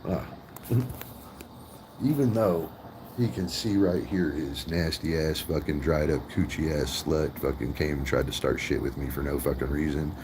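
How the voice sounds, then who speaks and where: A man's voice: rumbling low, moderate pace, background noise. A man livestreaming, taunting and mocking people in a profane, trash-talking rant.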